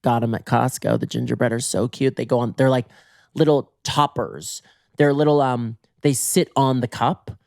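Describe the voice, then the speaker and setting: Animated, swearing comedic host, dry sound. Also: male voice, normal speed, gravelly, no echo. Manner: animated and exaggerated, swinging pitch for quoted voices; casual, swears freely. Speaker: podcast host. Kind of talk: solo comedic storytelling.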